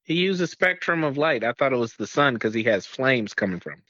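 A man's voice: medium pitch, lively intonation, fairly quick, sharp tone, no echo. A man co-hosting a casual movie review podcast, joking and chiming in with wry remarks. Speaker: podcast co-host. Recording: dull lo-fi mic.

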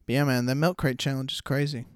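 A man's voice: mid-range voice, fairly even intonation, fast talker, clean tone, no room sound, studio quality. A man hosting a casual solo podcast, talking loosely in slang and calling listeners bro. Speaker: podcast host.

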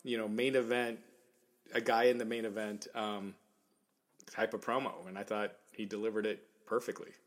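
A man's voice: lowish voice, level tone, normal speed. A man hosting a casual podcast chat, talking with many fillers and stumbling restarts. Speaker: podcast host reading viewer messages.

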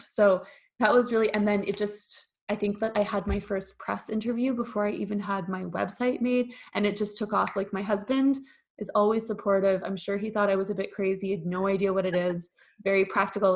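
A woman's voice: mid-range voice, fairly quick. Chatty Canadian woman telling stories. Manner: animated, acts out quoted voices, frequent fillers. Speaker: podcast guest. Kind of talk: casual storytelling chat.

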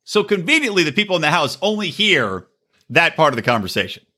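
A man co-hosting a podcast, swearing freely as he recaps a reality show with lively mimicry. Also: quick pace, husky. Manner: profane, animated storytelling with shrill mimicry. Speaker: podcast co-host. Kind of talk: crude casual chat, recapping a reality show.

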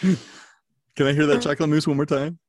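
A man's voice: fairly high pitch, flat delivery, moderate pace, darkish tone, a little hiss or hum. A man hosting a podcast trivia game, reading questions and scoring answers playfully. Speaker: quiz host.

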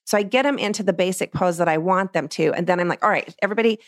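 A middle-aged woman, a portrait photographer, explaining her craft in a casual, animated way and acting out what she says to clients. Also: fairly low pitch, fast talker, no echo, studio quality. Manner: lively, acts out what she tells clients. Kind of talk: casual teaching talk.

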